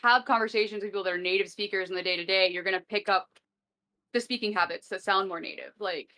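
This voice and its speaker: A woman with a Southern American accent chatting quickly and laughing often on a voice call. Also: mid-range voice, steady tone, pushed and bright. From Southern United States. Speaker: guest streamer. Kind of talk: casual chat. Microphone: online voice call.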